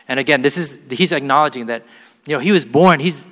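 A man's voice: mid-range voice, a little fast, a bit bright. A man preaching a sermon, reading scripture aloud with weight and then explaining it in plain, earnest words. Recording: long hall reverb.

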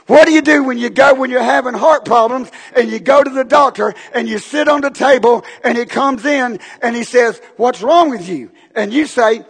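A man preaching a fiery sermon in a church, building to shouts as he drives his point home. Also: extremely high pitch, expressive, normal speed, breathy edge. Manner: impassioned preaching, rising to shouts. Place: church sanctuary. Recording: long echoing hall reverb.

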